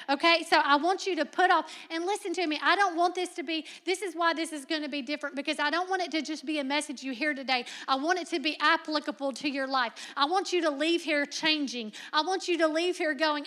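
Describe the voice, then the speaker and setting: A young woman with a high, bright voice preaches a sermon with energy and humor. She drops into soft, low asides, then rises into loud, emphatic lines, laughing often along the way. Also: brisk, hardly any pauses.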